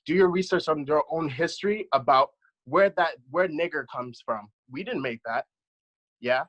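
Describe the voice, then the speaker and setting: A man in his thirties with a somewhat higher voice speaks earnestly and with deep feeling. He talks as a panelist over a video call. His delivery is heartfelt and direct. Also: moderate pace, fairly bright tone, dull audio. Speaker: panelist, dance choreographer. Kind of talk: impassioned panel testimony.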